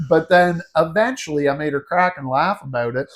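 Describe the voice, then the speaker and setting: A man telling a wild story on a podcast, animated and laughing, calling his cohost "dude" and "bro". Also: on the high side, moderate pace, hardly any pauses. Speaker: podcast host. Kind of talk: casual storytelling chat.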